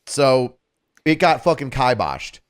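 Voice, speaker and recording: A man in his thirties co-hosting a podcast, telling a story in a casual, profane, animated way that turns loud and exasperated. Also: mid-range voice, takes it slowly.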